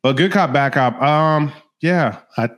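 A man in his thirties hosting a podcast in casual chat, telling lively stories about his children and acting out their voices. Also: on the high side, a little slow. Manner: animated storyteller, acts out his kids' voices. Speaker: podcast host.

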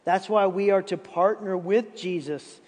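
A man's voice: high-pitched, measured pace, a little mellow, long reverb tail. A man in his fifties preaching a sermon as pastor, emphatic and often repeating words to drive a point home. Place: church sanctuary.

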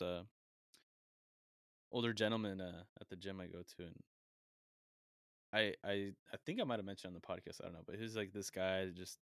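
A man's voice: fairly low pitch, a bit bright, no echo, studio quality. A man hosting a podcast, telling stories in a loose, rambling way with many fillers. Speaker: podcast host. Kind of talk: casual podcast chat.

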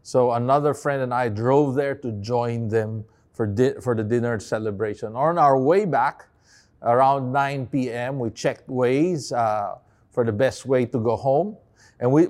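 A man's voice: mid-range voice, a little mellow. A man giving a devotional sermon, moving from a reflective story told with hesitant restarts to impassioned, rising emphasis. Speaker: preacher.

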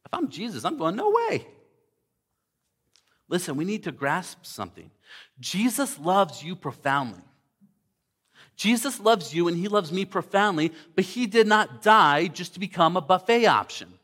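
A man's voice: high-pitched, expressive, moderate pace, pushed and bright. A male pastor preaching a sermon, emphatic, repeating key words and addressing the congregation directly.

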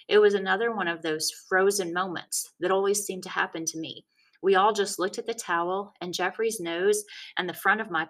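A woman reading a chapter of a children's novel aloud, telling it in the first person with a wry, deadpan tone. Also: fairly low pitch. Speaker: audiobook narrator. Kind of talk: first-person storybook narration.

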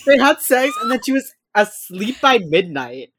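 Animated woman recapping with lively pitch. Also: normal speed, slight background noise. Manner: animated retelling, acts out characters' lines, laughs often. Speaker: podcast co-host recapping a TV episode. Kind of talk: casual chat.

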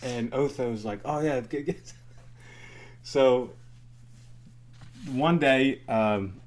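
A man's voice: medium pitch, very slow, a little mellow. An older man, a former athletic trainer, telling stories in casual chat with many restarts and laughs. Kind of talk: casual storytelling in a group chat.

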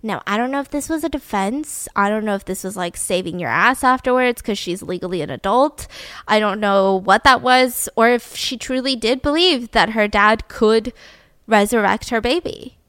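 A woman's voice: fairly high pitch, moderate pace, a bit bright, clean tone, dry recording, studio quality. A young adult woman telling a true-crime story in a casual, blunt way, swearing and using lots of "like". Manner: chatty, blunt, swears, fills with "like". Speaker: podcast host.

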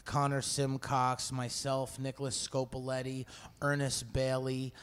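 Man with a smooth, dry joking delivery. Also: medium pitch, completely flat delivery, measured pace. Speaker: podcast co-host and comedian. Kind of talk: casual podcast chat.

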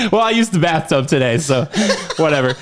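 A man's voice: a little high, big pitch swings, normal speed. A man in casual chat, telling rambling, profane stories with lots of sound effects and swearing.

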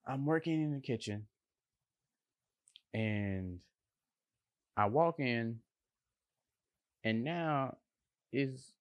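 An animated man talking in a casual motivational monologue, slangy and playful, with bursts of emphasis and sound effects. He speaks at an unhurried, drawn-out pace, in a mid-range voice. The recording is close and dry, with no room echo. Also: medium pitch, lo-fi sound. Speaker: line cook sharing a motivational story.

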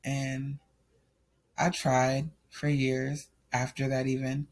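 A young man speaks slowly in a mid-range voice with a completely flat delivery, sharing a personal testimony. His story is casual, candid and emotional, told in loose, run-on sentences.

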